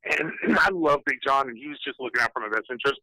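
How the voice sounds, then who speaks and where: A man's voice: mid-range voice, animated, fast, sharp tone, no room sound, rough recording. A middle-aged man, a guest on a podcast, talking heatedly and profanely with many restarts. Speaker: guest, retired fighter. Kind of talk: podcast interview.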